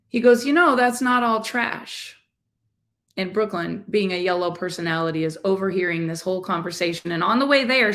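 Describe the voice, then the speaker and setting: A middle-aged woman and life coach, chatting casually as she retells a story and acts out the people in it. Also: mid-range voice. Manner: chatty, animated retelling with quoted voices.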